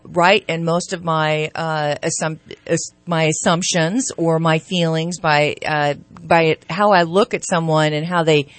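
A woman's voice: low-pitched, no echo. A woman co-hosting a local radio talk show, speaking casually and hesitantly with restarts. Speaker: radio co-host.

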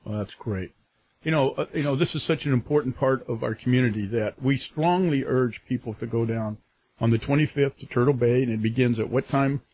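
A man's voice: medium pitch, brisk, husky. A man hosting a local radio talk show, chatting casually with a guest and taking calls, with many fillers. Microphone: studio microphone. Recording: slightly dull radio broadcast sound.

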